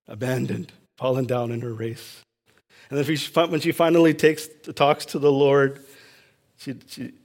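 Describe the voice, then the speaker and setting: A male pastor delivering a sermon with real passion. His voice climbs and swells on emphatic lines, then drops to a near hush for tender moments. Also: medium pitch. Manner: impassioned, swings from loud to hushed.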